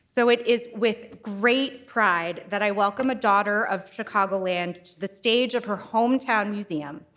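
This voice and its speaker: A woman introducing a guest speaker at a museum lecture, reading a warm, admiring introduction from notes at a lectern microphone. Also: mid-range voice, unhurried. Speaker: event host introducing a speaker. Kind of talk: prepared introduction speech. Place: museum auditorium.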